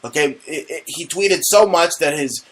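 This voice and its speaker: Guy host ranting loud and fed up, trips over his words, kinda high voice. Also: normal speed, poor audio. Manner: loud, indignant ranting with stammered restarts. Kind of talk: ranting comedic talk show.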